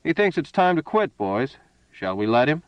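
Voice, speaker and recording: A man voicing a smooth, menacing male card sharp aboard a spaceship, hearty and boastful, then cold and purring, on a dull, dry recording. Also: mid-range voice, lively intonation, normal speed, no room sound, lightly acted.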